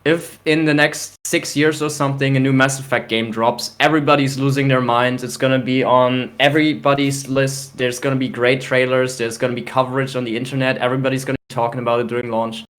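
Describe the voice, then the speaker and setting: A young man with a medium-pitched voice argues his view in casual podcast chat. He sounds opinionated and emphatic, grumbling and piling up points as he talks games with his co-host. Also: flat delivery, brisk, hardly any pauses, a bit bright.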